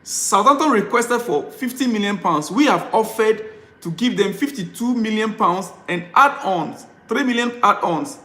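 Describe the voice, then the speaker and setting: A man's voice: high voice, lively intonation, moderate pace, sharp tone, roomy sound. A man live-streaming as a football fan vlogger, ranting and pleading, repeating himself in exasperation.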